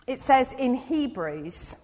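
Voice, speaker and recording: A woman giving a gentle children's sermon in church, asking her listeners questions as she goes. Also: high-pitched, sing-song, takes it slowly. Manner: gentle, asks the audience questions. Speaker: church speaker giving an all-age talk. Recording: long reverb in a big hall.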